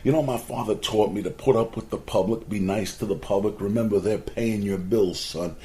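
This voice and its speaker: A man's voice: lowish voice, normal speed. A man telling his own life story as a monologue, earnest and a little preachy, whose voice jumps up sharply whenever he quotes someone. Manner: animated storyteller whose voice jumps up sharply when quoting people; earnest, preachy asides about life lessons. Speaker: former garden center owner telling a life story. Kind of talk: personal anecdote monologue.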